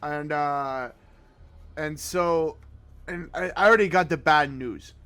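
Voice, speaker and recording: A man's voice: fairly high pitch, slow pace, bright, forceful tone, clean tone, soft background music. A young man hosting a podcast, telling a long story casually, rambling with lots of fillers, restarts and swearing. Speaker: podcast host.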